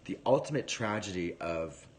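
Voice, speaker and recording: A man with a fairly low voice chats casually to his livestream viewers. He rambles through an animated story, swearing freely and jumping between thoughts. Faint noise sits under his voice. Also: moderate pace.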